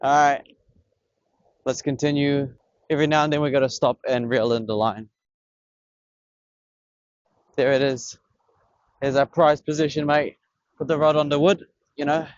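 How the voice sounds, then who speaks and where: A young man gives fast, excitable commentary, full of swearing and slang. His voice sits a little high for a man. The audio is dull and dry, recorded outdoors on a camera on a tripod. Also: dry recording. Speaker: vlogger. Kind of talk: casual fishing vlog commentary. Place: outdoors on a beach by the water.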